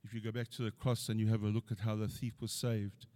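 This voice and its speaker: Male preacher, middle-aged, earnest sermon, quotes scripture, lowish voice. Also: level tone, fast, a little mellow. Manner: earnest, quotes scripture, builds to emphatic points.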